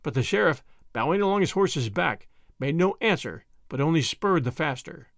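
A man reading a classic adventure story aloud in an expressive storytelling manner. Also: fairly high pitch, normal speed, creaky, no room sound, clean studio sound. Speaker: narrator. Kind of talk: audiobook narration.

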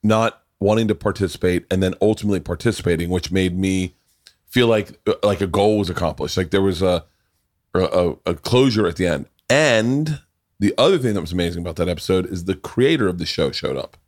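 A middle-aged man hosting a podcast, telling stories in a loose, profane, animated way. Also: sits low, a little fast. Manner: animated, profane, laughing storyteller. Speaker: podcast host. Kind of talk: casual storytelling chat.

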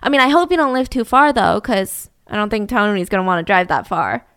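A woman's voice: mid-range voice, lively intonation, brisk, a bit bright, smooth, no echo, clean studio sound. A woman voicing a young man who chats up a stranger in an eager, friendly way, with stammers. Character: smooth-talking young man charming a stranger.

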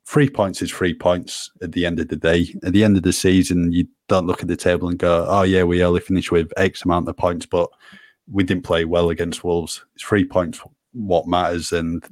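A man co-hosting a football podcast, talking in a steady, deadpan way. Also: low voice, dry recording, studio quality. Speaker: podcast co-host. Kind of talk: casual football chat.

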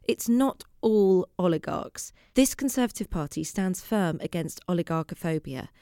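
A woman's voice: lowish voice, animated, moderate pace, dark tone, clean tone, dry recording, clean studio sound, lightly acted. A woman playing an evasive Conservative backbench MP in a comedy sketch, talking in earnest political spin.

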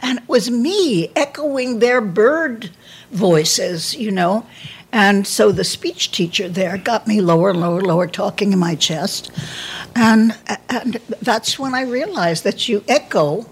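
An older woman, talking as a guest in an interview. Her voice is husky and breathy, and her pitch sits in an ordinary middle range for a woman. She reminisces candidly, breaking off and restarting her sentences as she goes. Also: animated. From New York. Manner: halting, with frequent restarts and repeated words. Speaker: guest, actress.

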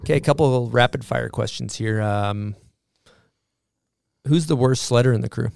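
A man's voice: medium pitch, normal speed, gravelly, darkish tone, dry recording, studio quality. A man hosting a podcast, asking chatty, admiring questions with some fillers. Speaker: podcast host. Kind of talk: casual podcast interview.

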